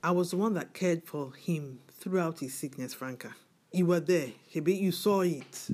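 A woman's voice: fairly low pitch, moderate pace, darkish tone, close to an everyday voice. A middle-aged woman with a Nigerian accent playing a bitter, wounded widow in a film drama, given to indignant "eh?"s. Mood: aggrieved. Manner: indignant, tearful, repeats "eh?". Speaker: widowed mother.

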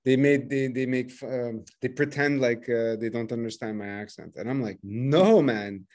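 A man's voice: mid-range voice, little pitch movement, normal speed, darkish tone. A man from Quebec with a Quebecois French accent, hosting a casual interview, chatty and often laughing. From Quebec, Canada. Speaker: podcast host.

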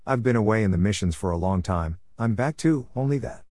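A man's voice: fairly low pitch, expressive, fairly quick, darkish tone, no room sound. A man voicing a tired old priest, weary and dry in manner. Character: tired old male priest, quietly stubborn.

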